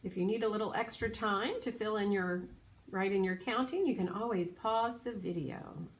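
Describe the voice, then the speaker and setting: A woman teaching a children's piano lesson, patient and clear, now and then singing solfege syllables. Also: medium pitch, normal speed. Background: piano playing.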